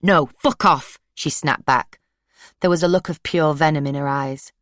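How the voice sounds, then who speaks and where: A woman narrating a first-person true crime audiobook in a steady, plain-spoken way. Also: deep voice, normal speed, no room sound, studio quality.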